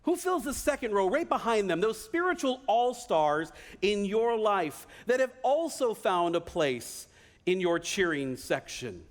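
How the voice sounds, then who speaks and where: A man preaching a sermon with a notably high voice, animated and vivid, sometimes acting out cheering voices. The sound carries a long church-hall reverb. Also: a little slow. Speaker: pastor.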